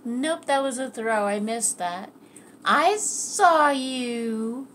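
A woman's voice: on the high side, expressive, drawn-out words, a bit bright, slight background noise. A woman talking fondly to her pets, coaxing and praising them in casual chat. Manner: coaxing, fond pet-talk. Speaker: pet owner filming her animals.

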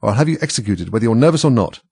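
A man voicing a short-tempered king presiding over a trial, loud, threatening and impatient. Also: medium pitch, expressive, rapid-fire, vocal fry, slightly rough, no echo, studio quality. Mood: blustering.

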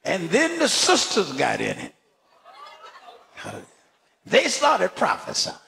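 A fervent older man preaching a sermon, his gravelly voice pitched high for a man. He delivers it slowly and deliberately, swinging widely up and down, and punctuates his points with praise and sudden shouts. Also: huge pitch swings, some chatter behind, slight background noise. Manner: fervent preaching with frequent hallelujahs and shouted emphasis. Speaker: bishop preaching.

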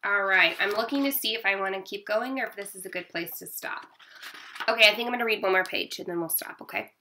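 A woman's voice: medium pitch, fast, sharp tone, slight background noise. A woman teacher reading a picture book aloud and chatting to her pupils in an encouraging way.

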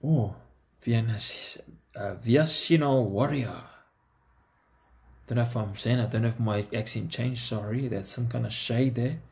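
A man's voice: mid-range voice, a little slow, gravelly, a little mellow. A man giving casual, chatty commentary to himself as he opens trading card packs. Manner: talks to himself, easygoing and chatty. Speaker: card-opening vlogger.

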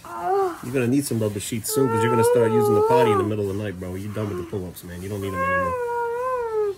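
In a noisy home video, a father and vlogger films his young sons in their bedroom, his pitch swooping wildly as he races through playful, sing-song baby talk that often jumps up high. A loud crowd can be heard.

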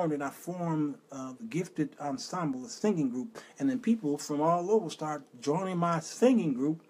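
Husky middle-aged man telling his story. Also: on the high side, darkish tone. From Chicago, west side. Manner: emotional storytelling with sung snippets. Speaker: host. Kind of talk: personal testimony talk.

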